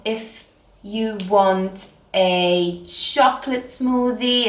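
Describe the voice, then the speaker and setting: A woman's voice: mid-range voice, a bit bright. A young woman with an Italian accent giving casual fitness advice from home, chatty and self-mocking with rambling asides. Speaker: fitness vlogger. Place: home, seated on a chair. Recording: echoey room.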